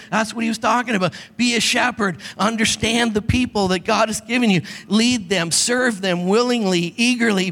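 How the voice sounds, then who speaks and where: A middle-aged man preaching as a pastor, telling animated stories and acting out the lines he quotes. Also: extremely high pitch. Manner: animated storytelling, acts out quotes. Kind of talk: sermon. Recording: long reverb of a hall.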